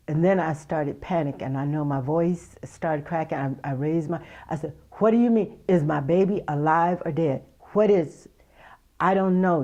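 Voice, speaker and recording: A middle-aged woman, a mother, giving halting, emotional testimony in an interview and retelling the conversations she had. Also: sits low, dark tone, lo-fi sound.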